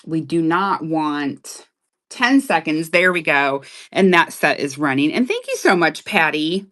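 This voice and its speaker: A woman selling jewelry on a live stream in loud, excitable, chatty talk that keeps breaking into laughs. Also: low voice, a little slow. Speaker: live online jewelry seller. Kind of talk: casual live-sale chat.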